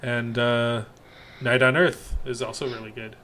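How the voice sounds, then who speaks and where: A man's voice: medium pitch, flat delivery, measured pace, bright, forceful tone, a little hiss or hum. A man co-hosting a movie podcast in casual chat. He is laid-back and swears freely. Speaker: podcast co-host.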